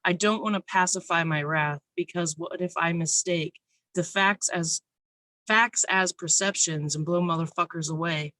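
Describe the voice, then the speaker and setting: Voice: medium pitch, steady tone, moderate pace, pushed and bright, dry recording. A poet reading their own spoken word poems at an online open mic, nervous but intense.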